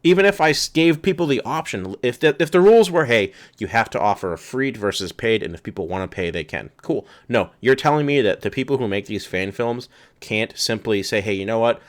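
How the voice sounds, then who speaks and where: A man's voice: mid-range voice, expressive, a little fast. A man ranting angrily and profanely while reading rules aloud in a vlog. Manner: profane, exasperated, sarcastic. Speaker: vlogger.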